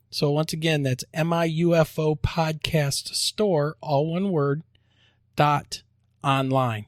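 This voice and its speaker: A man hosting a podcast, joking around and spelling out web addresses slowly. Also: fairly high pitch, steady tone, no room sound, clean studio sound. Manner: upbeat, jokey promo delivery, spells out web addresses slowly. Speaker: podcast host. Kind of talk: casual podcast chat and announcements.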